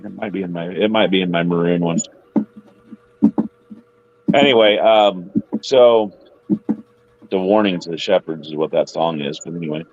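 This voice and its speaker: A man's voice: deep voice, normal speed, long pauses, a little mellow, highs cut off, slight background noise. A man hosting a casual Bible discussion who retells the stories, putting on voices for the quotes. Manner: retells scripture with playful acted quotes. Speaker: Bible study host.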